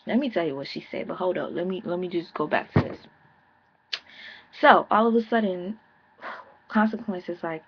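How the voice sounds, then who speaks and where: Woman, 30s, husky lowish voice, sassy profane TV recap, dull lo-fi audio. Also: moderate pace, pauses often. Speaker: TV reality show reviewer. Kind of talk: casual vlog recap.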